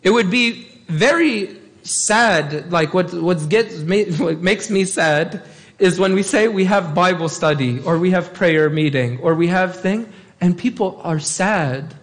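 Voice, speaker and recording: A man's voice: high-pitched, unhurried. A man, a priest giving a sermon and pressing his points by repeating them. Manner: emphatic, repeats key phrases.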